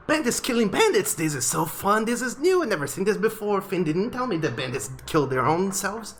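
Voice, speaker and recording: A man's voice: sits high, big pitch swings, fairly quick, fairly bright tone, slight background noise, pitched above the performer's own voice, exaggerated voice. A man doing a giddy little owl. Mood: gleeful. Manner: gleeful, babbling, repeats itself. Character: giddy excitable owl, small.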